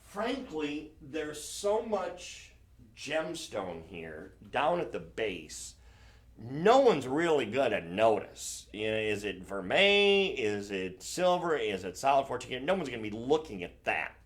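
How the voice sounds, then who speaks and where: A man's voice: mid-range voice, very animated, measured pace. A man hosting a live shopping stream, selling jewelry in a chatty, enthusiastic way and correcting himself as he goes. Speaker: shopping channel host.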